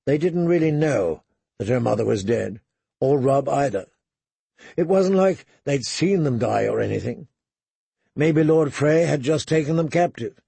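A man narrates a story in a steady, measured reading. His voice is gravelly and a little husky, fairly high for a man. The recording is close and dry. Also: dry recording. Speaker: audiobook narrator. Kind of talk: scripted narration.

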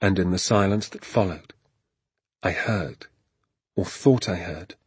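Slow husky male storybook narrator. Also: deep voice, no room sound. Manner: hushed and suspenseful.

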